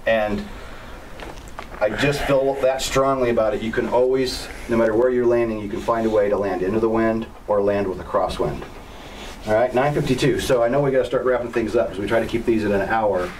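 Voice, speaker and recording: A man's voice: lowish voice, fairly even intonation, fairly quick, a little mellow. Blunt man, slightly distant mic. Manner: plainspoken, blunt, firm opinions. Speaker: helicopter flight instructor. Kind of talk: casual storytelling to an online group. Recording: slightly distant mic with faint background noise.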